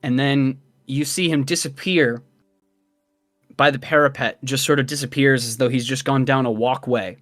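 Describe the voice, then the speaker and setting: A young man narrating a tabletop game as dungeon master in an unhurried, descriptive way. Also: medium pitch, fairly even intonation, fairly bright tone, no room sound, soft background music.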